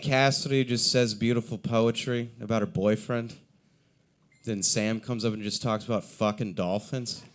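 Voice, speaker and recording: Young guy, open-mic comic, self-deprecating rambler, medium voice. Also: medium pitch. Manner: rambling, self-deprecating storytelling with acted-out quotes. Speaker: stand-up comedian. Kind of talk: stand-up comedy set at an open mic. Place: coffee shop open mic.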